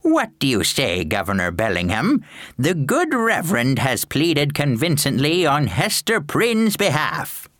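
An old pastor, stern but gentle with children, as a male narrator puts him on. He speaks slowly, with a wildly swooping, preacherly lilt, in a dry, close sound. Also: on the high side, huge pitch swings, dry recording, voice pushed up, exaggerated voice. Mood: probing. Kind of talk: audiobook narration with character voices.

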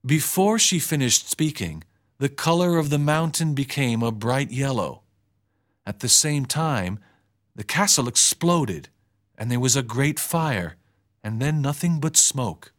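Here a man narrates a chapter of a story from a script, his voice medium in pitch. As an audiobook narrator, he keeps a steady, measured storytelling delivery.

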